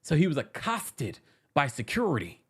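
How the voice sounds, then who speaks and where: A host giving casual pop culture news commentary in a dramatic, animated way, laughing often. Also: mid-range voice, moderate pace, slightly rough.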